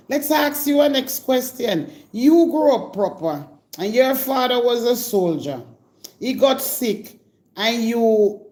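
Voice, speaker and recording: A woman's voice: fairly high pitch, a little mellow. Jamaican woman, live-stream host, scolding and indignant, calls people out directly. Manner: scolding, indignant, addresses her target directly. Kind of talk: confrontational live-stream rant.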